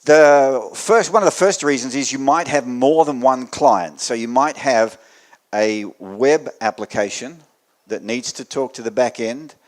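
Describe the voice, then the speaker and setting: A man with an Australian accent giving a technical meetup talk to an audience, with dry joking asides and swings in loudness. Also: mid-range voice, unhurried. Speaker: conference speaker. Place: meetup venue before an audience.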